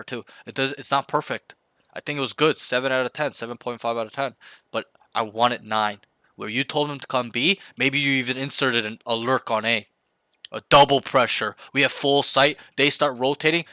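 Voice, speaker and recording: A man coaching a student through a match review, talking bluntly and swearing freely. His voice is bright and forceful, recorded dry and close with no room sound. He often acts out team callouts to show how they should sound. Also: mid-range voice, no echo. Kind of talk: casual coaching session.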